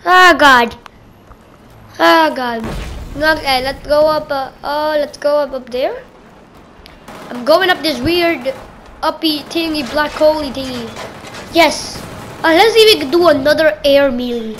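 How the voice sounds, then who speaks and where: A woman giving excitable gameplay commentary, exclaiming at game events and playfully calling other players "bro". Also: high-pitched, measured pace, pauses often, slight background noise. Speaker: gamer.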